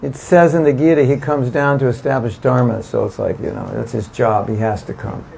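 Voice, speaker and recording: A man's voice: mid-range voice, fairly even intonation, brisk, gravelly, warm tone, slight background noise, rough recording. A man giving an informal devotional class to a live audience, chatty and emphatic, often asking listeners questions. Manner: conversational, asks the audience questions, emphatic repetition. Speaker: spiritual teacher giving a class.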